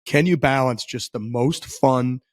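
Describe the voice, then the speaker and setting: A man's voice: medium pitch, unhurried, no room sound, studio quality. A young man co-hosting a podcast in casual chat, rambling in a laid-back way with plenty of filler words. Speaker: podcast co-host.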